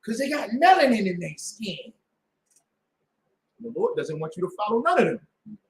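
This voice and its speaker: A man's voice: high voice, big pitch swings, moderate pace, slight background noise. A man teaching a Sabbath class, preaching with rhetorical questions and call-and-response to the room. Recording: echoey room.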